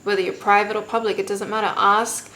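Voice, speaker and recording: A woman's voice: mid-range voice, flat delivery, brisk, sharp tone, rough recording. A young woman vlogger telling a personal story in casual, candid talk, swearing freely and acting out what others said.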